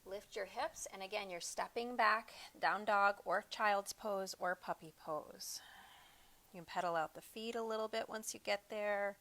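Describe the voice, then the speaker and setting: A woman teaching a yoga class, calmly cueing breaths and poses at an unhurried pace. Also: medium pitch. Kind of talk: guided yoga class instruction.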